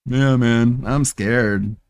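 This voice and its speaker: A man's voice: mid-range voice, steady tone, extremely slow, darkish tone, clean tone, no echo. A man streaming, reacting to clips with sarcastic, mocking commentary and frequent laughs.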